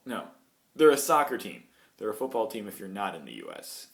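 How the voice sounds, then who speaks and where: A man recounting a true story for his vlog, wandering into asides as he goes. His pitch leaps around expressively, and the room gives his voice a roomy echo. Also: brisk, gravelly. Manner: animated, digressive storyteller. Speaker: vlogger.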